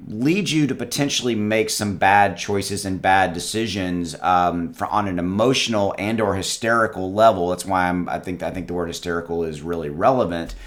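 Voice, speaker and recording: A low-pitched crypto YouTuber talks at a moderate pace with hardly any pauses, giving viewers casual investing advice direct to camera at home with his dogs. He's conversational, restarts often, repeats words, and keeps saying guys.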